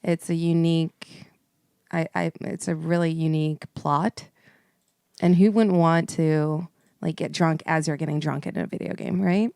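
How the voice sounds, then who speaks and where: A woman's voice: deep voice, fairly even intonation, unhurried, gravelly, dark tone, smooth, no echo, clean studio sound. A woman co-hosting a casual gaming podcast, talking in a chatty, rambling way. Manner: chatty, rambling, laughs easily. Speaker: podcast co-host. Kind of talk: casual chat.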